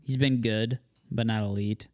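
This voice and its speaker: A man's voice: on the low side, fairly even intonation, unhurried, a little mellow. A man co-hosting a sports podcast in casual chat, often hesitating and restarting his sentences. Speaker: podcast co-host.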